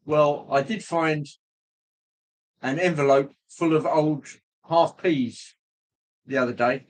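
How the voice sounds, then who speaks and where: A man chats casually on a livestream in a fairly high voice. He rambles and jokes, pausing often with ums as he talks to viewers. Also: low-quality recording. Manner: rambling, jokey, pauses with ums. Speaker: livestream host.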